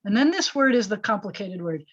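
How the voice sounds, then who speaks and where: A woman's voice: medium pitch, big pitch swings, fairly quick, breathy edge. A woman rabbi teaching a Hebrew lesson online, explaining patiently and asking her students questions. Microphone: video call. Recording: slightly dull video-call audio.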